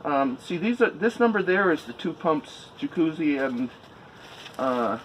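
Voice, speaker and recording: A man going over electrical load figures in a halting, thinking-aloud way during a casual on-site talk. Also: a little high, sing-song, a bit bright, a little hiss or hum, rough recording.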